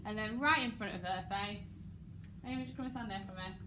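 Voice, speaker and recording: An English woman teaching a drama lesson, acting out lines with sudden shouts and laughing often. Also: medium pitch, a little fast, background noise.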